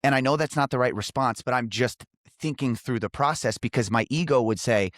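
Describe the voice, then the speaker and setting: A man's voice: medium pitch, a little fast, hardly any pauses, a bit bright, dry recording, studio quality. A man hosting a podcast interview, who speaks in a reflective and affirming way. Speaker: podcast host, former football player. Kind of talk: casual interview.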